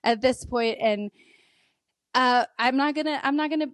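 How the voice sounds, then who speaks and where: A woman's voice: moderate pace, dry recording. A woman in her thirties guesting on a podcast, talking openly and emotionally, often laughing and quoting her own thoughts. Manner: emotional and open, laughs often, quotes herself in a higher voice. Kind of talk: candid interview talk.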